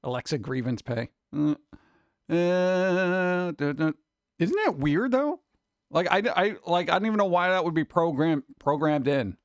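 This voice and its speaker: Chatting casually with his stream audience, this male host rambles and does impressions of gadget voices. His pitch is on the high side with big swings, at a moderate pace. It's a clean studio recording without any room sound.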